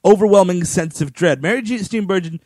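A man co-hosting a podcast, retelling film scenes excitably and laughing often. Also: sits high, a little fast, no room sound. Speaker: podcast co-host. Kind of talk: casual film discussion.

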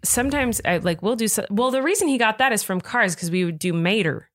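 A woman's voice: mid-range voice, dry recording. Chatty woman podcast co-host, dry sound. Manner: chatty, animated storytelling with quick laughs. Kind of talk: casual chat.

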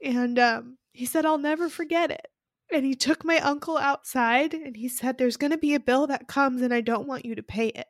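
A woman's voice: high voice, normal speed, dry recording, clean studio sound. A woman co-hosting a podcast, telling a personal story in a casual, earnest, conversational way. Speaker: podcast co-host. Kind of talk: casual heartfelt podcast talk.

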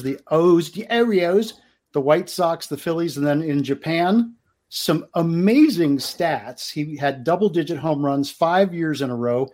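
A man's voice: on the high side, a little mellow. A man co-hosting a talk show, chatty and teasing in casual conversation. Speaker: co-host. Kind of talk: casual chat.

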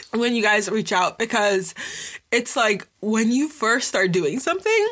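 A woman's voice: fairly high pitch, expressive, slow pace, fairly bright tone. A woman hosting a podcast, talking to listeners in a casual, gushing and emotional way, with many "like"s and "you guys". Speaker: podcast host.

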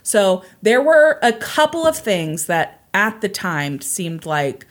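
A woman telling a true crime case in casual chat, acting out quotes and swearing casually. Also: slow pace. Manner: animated, acts out quotes with raised pitch, swears casually.

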